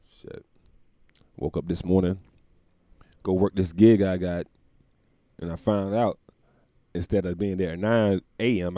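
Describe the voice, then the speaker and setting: A young man hosts a podcast from home, spinning a casual, comedic monologue full of profanity and laughter. His voice is low and warm, recorded cleanly in a studio with no echo.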